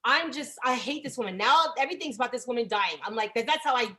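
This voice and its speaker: Brash, profane high-voiced woman comic. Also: animated, fast talker, pushed and bright. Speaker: stand-up comedian. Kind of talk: stand-up storytelling set on a video call. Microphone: video call.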